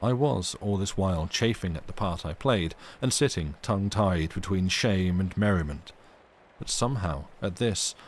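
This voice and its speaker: Brief: male storyteller, low register, measured read-aloud of a classic novel. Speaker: reader. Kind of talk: reading a novel aloud on a livestream.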